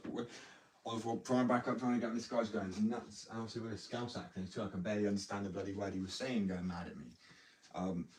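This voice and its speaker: Low-voiced guy ranting fast about fighting, mic a bit far off, faint hiss. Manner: rambling, fast and heated, with frequent restarts and swearing. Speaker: skater vlogger. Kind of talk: casual rambling monologue. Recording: distant mic with faint background noise.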